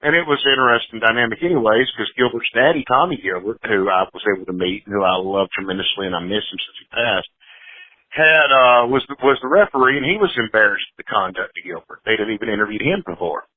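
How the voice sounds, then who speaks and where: A man's voice: on the low side, expressive, fast, no room sound. A man hosting a podcast, telling an enthusiastic, rambling story with many fillers. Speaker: podcast host. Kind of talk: casual storytelling. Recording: tinny phone-like dry line.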